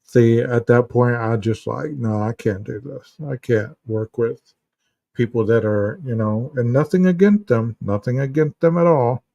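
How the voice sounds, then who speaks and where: A man with a mid-range voice and vocal fry speaks unhurriedly in a mellow tone, hosting a casual live stream as a therapist. He tells stories and answers chat in a rambling way, full of restarts and "you know" fillers. The recording is dry and dull, muffled from a mic set back.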